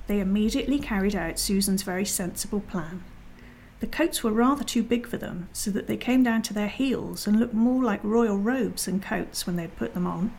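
Quiet woman reading a bedtime story. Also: medium pitch, normal speed, creaky.

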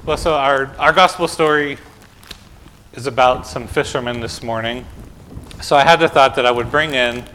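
Bright-voiced pastor talking with children. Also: male voice, mid-range voice, normal speed, slight background noise. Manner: conversational, asks children questions. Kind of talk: gospel reading and children's sermon. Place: church sanctuary.

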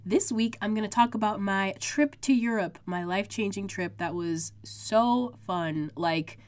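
A woman's voice: medium pitch, a little slow, a little mellow. Congested young woman chatting on her podcast. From United States. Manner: chatty, full of "like" fillers. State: congested, sick. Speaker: podcast host. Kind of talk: casual solo podcast chat. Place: home room with makeshift sound panels.

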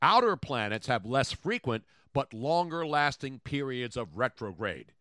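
A man's voice: medium pitch, big pitch swings, measured pace, pushed and bright, dry recording, clean studio sound. A man co-hosting a podcast, bantering casually with playful jokes and wordplay. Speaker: podcast co-host.

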